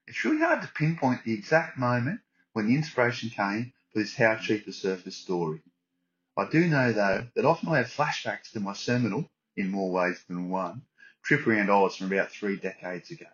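A surf writer sending a voice message, talking in a put-on Australian accent with tongue-in-cheek boasting. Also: male voice, lowish voice, animated, normal speed. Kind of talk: recorded voice message. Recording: lo-fi voice note.

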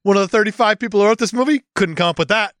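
A man's voice: high-pitched, racing, fairly bright tone, no room sound, studio quality. A man co-hosting a comedy podcast, teasing and mock-outraged in casual chat. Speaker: podcast co-host.

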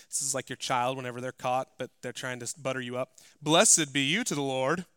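Guy preaching a sermon, bright ringing voice, dry close sound, goes from quiet asides to loud emphatic reading. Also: medium pitch, smooth, dry recording. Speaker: pastor. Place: church.

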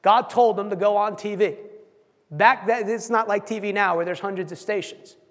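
High-voiced man preaching in a reverberant hall. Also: normal speed. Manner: animated, acts out quotes, stumbles and repeats words. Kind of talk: sermon storytelling.

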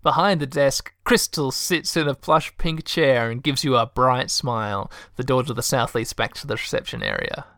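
A man's voice: medium pitch, sing-song, normal speed, gravelly, few pauses, sharp tone, no room sound, clean studio sound. A man reading out a text adventure and chatting wryly about his choices as he plays. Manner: wry, chatty, swears casually. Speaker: game streamer. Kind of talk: reading and playing a text game aloud.

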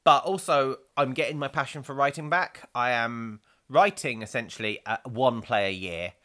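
A man in his thirties chatting casually as a podcast co-host, animated and quick to laugh as he tells stories. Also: mid-range voice. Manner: animated, laughs often, storytelling. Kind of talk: casual chat.

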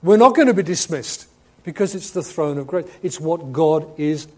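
A man preaching a sermon, stressing key words loudly, then dropping to quiet asides and asking the congregation questions. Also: a little high, expressive, moderate pace. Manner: emphatic, swings between loud urgent stress and quiet asides.

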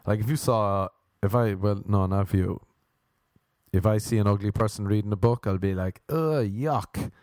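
A man's voice: lowish voice, steady tone, moderate pace, a little mellow, no room sound, clean studio sound. A man with an Irish accent telling a rambling, profane comic story. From Ireland. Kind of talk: comic monologue.

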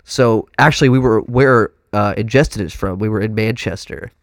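A man's voice: lowish voice, normal speed, no room sound, studio quality. Laid-back Texan guy telling a story. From Texas. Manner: animated storyteller, slips into put-on voices. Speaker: guest musician. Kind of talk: casual chat.

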